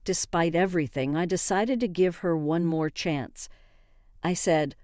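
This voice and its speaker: A woman reads out a scripted first-person story in an indignant, exasperated voice. Her tone is low and mellow. The sound is dry, with no room echo. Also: measured pace.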